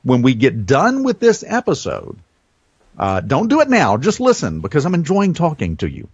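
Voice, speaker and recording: Man, Southern American accent, radio host, animated, swooping pitch, dry muffled audio. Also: husky, no echo. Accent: Southern American, softened. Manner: animated storyteller, varies speed and pitch deliberately. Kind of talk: conversational podcast interview.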